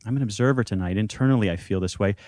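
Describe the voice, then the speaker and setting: Deep-voiced man reading an intimate story. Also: racing, a little mellow, dry recording, clean studio sound. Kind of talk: reading a first-person story aloud.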